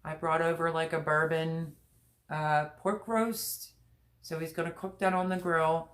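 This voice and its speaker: Low-voiced and flat, a middle-aged woman takes her time as she hosts a casual livestream from home. In an echoey room, she rambles candidly and emotionally, circling back to repeat herself.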